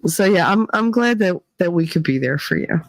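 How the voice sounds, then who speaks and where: A woman's voice: on the low side, lively intonation, moderate pace, no room sound, rough recording. A middle-aged woman hosting a casual livestream, chatting with viewers by name and swearing freely. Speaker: livestream host reading chat. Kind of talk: casual chat.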